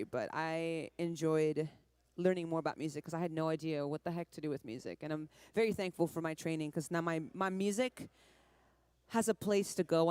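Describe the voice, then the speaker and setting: A woman's voice: sits low, a little mellow, no room sound. A woman in her twenties from Trinidad, a musician chatting in an interview with a light Caribbean touch under an American accent, laughing often. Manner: chatty, laughing, quick asides. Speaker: musician guest. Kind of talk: casual interview chat.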